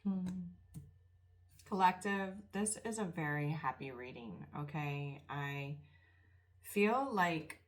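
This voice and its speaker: Low-voiced emotional woman reading tarot. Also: animated, slow. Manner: emotional, tearful and soft-spoken. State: close to tears. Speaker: tarot reader. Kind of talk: casual spiritual tarot reading.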